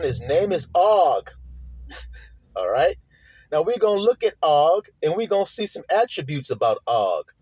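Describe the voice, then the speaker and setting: Husky, darkish and on the high side, a man's voice delivers a sermon with no room sound. Reading scripture and interrupting himself to question the audience, he speaks casually and bluntly, using slang and curses and drawing out important words.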